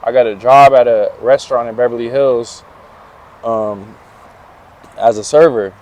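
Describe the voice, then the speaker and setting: Outdoors, a young interview guest casually recounts stories from his life, laid-back and full of slang. He speaks mid-range at a measured pace, sounding a little mellow.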